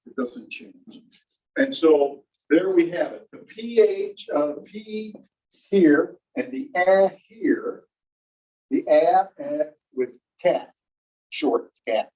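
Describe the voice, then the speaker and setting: A male teacher giving a recorded lecture, patiently explaining and slowly repeating example words. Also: fairly high pitch, big pitch swings, mellow, slightly rough. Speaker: linguistics teacher. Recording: distant, dull lecture recording.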